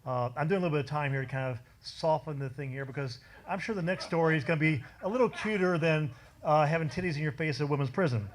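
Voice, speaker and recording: Guy hosting at a comedy club, talks fast, keeps things moving. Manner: apologetic, hurried, then booming introduction. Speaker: emcee of the memorial show. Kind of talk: stage emcee patter.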